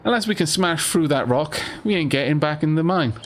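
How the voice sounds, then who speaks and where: A man voicing a gruff, working-class London miner with a rough, slangy drawl. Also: on the high side, lively intonation, fairly quick, natural voice. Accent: London (put on).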